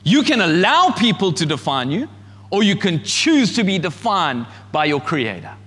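A man preaching a sermon with passion, rising to shouts as he acts out God speaking. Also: sits high, very animated, moderate pace, in a large hall. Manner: impassioned, shouts when acting out God's voice. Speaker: pastor.

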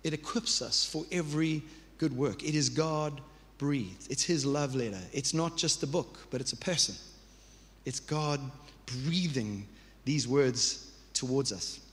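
A man's voice: medium pitch, unhurried, a bit bright. A man in his thirties preaching a sermon as pastor, earnest and conversational, with restarts and repeated phrases. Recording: reverberant church hall.

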